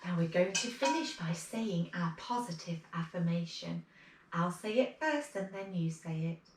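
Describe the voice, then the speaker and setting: A woman leading a children's yoga and relaxation session, gentle and encouraging. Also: on the low side, lively intonation, normal speed, background noise. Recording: echoey room from a distance.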